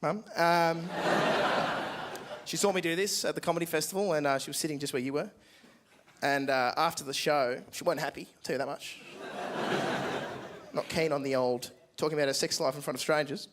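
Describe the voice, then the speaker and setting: A young Australian comedian tells a stand-up story on a big theatre stage, acting out voices and swearing freely. His voice sits high for a man. Loud noise runs under the recording. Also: fairly even intonation, fairly quick, pauses often. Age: 20s. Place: large theatre stage with an audience.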